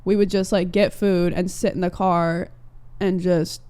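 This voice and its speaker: A young woman in her twenties, co-hosting a podcast and telling stories in a casual, animated way with many fillers. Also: fairly low pitch, measured pace, smooth. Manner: animated storytelling, lots of fillers and laughs. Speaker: podcast co-host. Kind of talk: casual chat.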